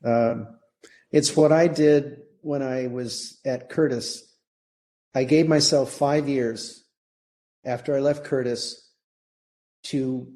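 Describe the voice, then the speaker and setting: An older man talks with a warm, mellow tone. He reflects calmly and measuredly on his years of playing and teaching, never rushing a thought. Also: medium pitch. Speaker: guest, retired orchestral trombonist. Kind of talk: reflective podcast conversation.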